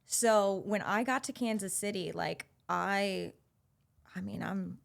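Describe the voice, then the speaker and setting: A woman in her thirties, a podcast guest, telling a story in an animated, bubbly way and swearing freely. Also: mid-range voice, slow pace, creaky. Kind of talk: casual storytelling chat.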